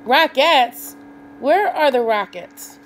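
A woman's voice: a little high, animated, slow, a little hiss or hum, pitched above the performer's own voice. A woman reading a storybook voices a stubborn female dairy cow who wails and insists on getting to the moon. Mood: eager. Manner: insistent, wailing demands.

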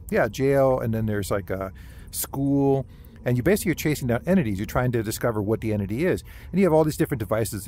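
A man's voice: medium pitch, a little mellow. A man giving casual, rambling commentary while playing a game, often apologizing to his viewers, with hiccups. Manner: chatty, rambling, apologetic asides. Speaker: gamer streamer. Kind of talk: casual let's-play commentary.

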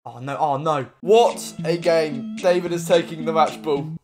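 A man giving casual, rambling gameplay commentary as a YouTuber, full of fillers and sudden excited shouts. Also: a little high, a little slow, music in the background. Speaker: gaming YouTuber.

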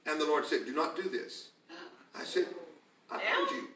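A man preaching a sermon to a congregation, telling stories with laughter and rising to shouts. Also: a little high, huge pitch swings, moderate pace, very noisy. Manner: storytelling, laughing, building to shouts. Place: church sanctuary with congregation. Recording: echoey church from a distance.

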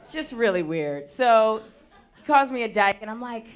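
A young woman doing a stand-up comedy set on a theater stage, talking with lively, animated swings in loudness. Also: on the high side, moderate pace, clean tone, a faint crowd. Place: theater stage before a live audience.

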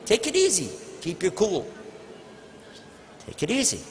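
A man's voice: high-pitched, huge pitch swings, measured pace. A man giving a religious lecture and answering audience questions with emphatic, anecdotal storytelling. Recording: echoey hall with faint noise.

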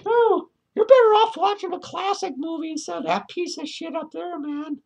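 A man's voice: extremely high pitch, fairly even intonation, normal speed, creaky, a little mellow. A man voicing a lonely woman clown who reviews movies and rants with profanity, laughing between lines. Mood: annoyed ranting. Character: foul-mouthed lonely woman clown, ranting film critic. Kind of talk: comic character movie review rant.

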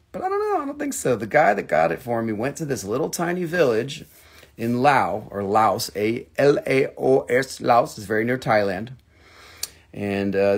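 A man's voice: mid-range voice, creaky, a little mellow. A man hosting a casual live stream from home, chatting in a playful, joking, rambling way. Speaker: live-stream host selling stones.

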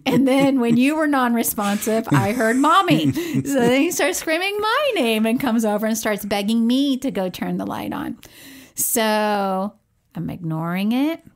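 A woman with a voice on the high side co-hosts a casual podcast, unhurried as she tells a story. A parent, she is an animated storyteller who laughs often and acts out quotes.

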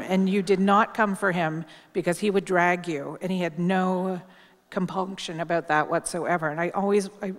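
Wry chatty woman speaker in a big hall. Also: lowish voice. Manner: candid, wry, chatty with frequent ums. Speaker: journalist. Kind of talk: memorial tribute speech. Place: large hall at a public event. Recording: long hall reverb.

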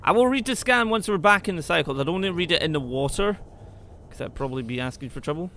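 A man commentating his game play, excitable, talking to the creatures and shouting when he panics. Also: on the high side, quick pace, slight background noise. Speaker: gaming YouTuber.

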